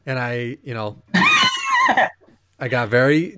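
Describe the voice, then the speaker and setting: A man co-hosting a sports podcast in casual chat, rambling and animated, laughing often. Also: mid-range voice, takes it slowly, long pauses, clean tone, no room sound, clean studio sound. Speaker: podcast co-host.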